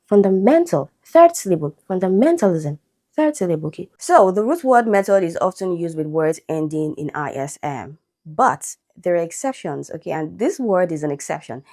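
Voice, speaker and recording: A woman's voice: on the low side, lively intonation, moderate pace, darkish tone. A woman teaching an exam-prep English lesson, explaining step by step and checking in with a frequent "okay?". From Nigeria.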